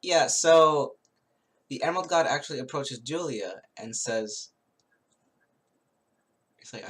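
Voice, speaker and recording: A man giving a casual spoken tarot reading, rambling and halting, with many restarts and little chuckles as he recounts a show. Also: medium pitch. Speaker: tarot reader.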